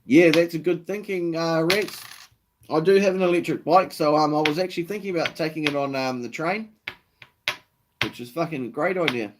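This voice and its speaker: A man's voice: a little high, normal speed, noisy background. A man with a New Zealand accent hosting a casual live stream, laid-back, swearing freely and answering viewer comments.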